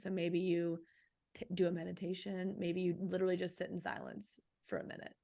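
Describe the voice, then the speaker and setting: Low, gravelly-voiced woman coaching. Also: little pitch movement, moderate pace, a little mellow. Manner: practical, coaching tone with frequent "right?". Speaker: author and guest. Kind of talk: podcast interview answers.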